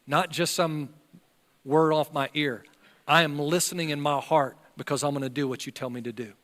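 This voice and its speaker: Older pastor preaching with animation. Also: male voice, on the high side, normal speed, long reverb tail. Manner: animated storytelling, acts out voices in the story. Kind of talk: sermon. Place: church sanctuary.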